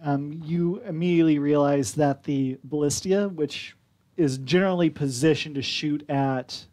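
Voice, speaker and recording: A man running a tabletop game as game master, calmly giving rules calls and describing the action. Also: fairly high pitch, moderate pace.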